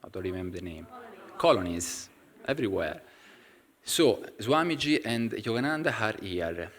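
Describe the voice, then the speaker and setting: A man with an Italian accent giving an informal talk to a class, pausing often and searching for words in English. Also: lowish voice, animated. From Italy. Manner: halting, searching for English words with many fillers. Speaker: community member sharing a story. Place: temple hall.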